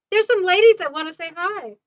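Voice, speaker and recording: A woman's voice: very high voice, no room sound. A woman chatting casually on a livestream video call, laughing often through her words.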